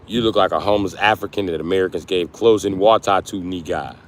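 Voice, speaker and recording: A middle-aged man livestreaming, talking casually to his chat and loudly roasting viewers with heavy profanity. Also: low-pitched, quick pace, slight background noise. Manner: profane, loud trash-talking and roasting of chatters.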